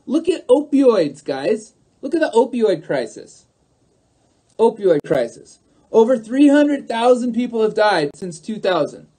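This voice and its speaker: A man's voice: high-pitched, a little mellow. A man talking straight to his viewers on a livestream, emphatic and repetitive, calling out to them again and again. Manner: emphatic, repeats himself, keeps calling out to viewers. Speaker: livestream host. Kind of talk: livestream monologue.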